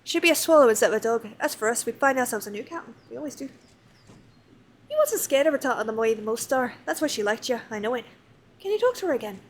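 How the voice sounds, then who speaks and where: A woman's voice: a little high, lively intonation, quick pace, slight background noise, close to an everyday voice. A woman voicing a chatty, fond old pirate crewmate in a salty sailor's dialect while reading game dialogue aloud. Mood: wistful.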